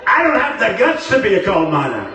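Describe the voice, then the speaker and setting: A man's voice: high voice, huge pitch swings, fairly quick, sharp tone. A man giving a rambling, boastful campaign rally speech, repeating himself, heard through a phone from the crowd in a large arena. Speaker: political candidate. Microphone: phone livestream from the crowd. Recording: very echoey arena from far off.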